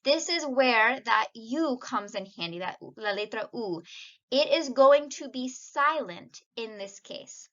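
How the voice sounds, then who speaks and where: A woman's voice: fairly high pitch, lively intonation, slow pace, fairly bright tone, lo-fi sound. A woman teaching a casual video lesson, patiently explaining and mixing Spanish words into her English.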